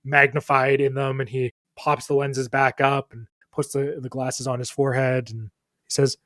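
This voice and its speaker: A man narrating as dungeon master in a relaxed, conversational way. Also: mid-range voice, normal speed, no echo, clean studio sound. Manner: relaxed, conversational, filler-heavy. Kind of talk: narrating a tabletop game.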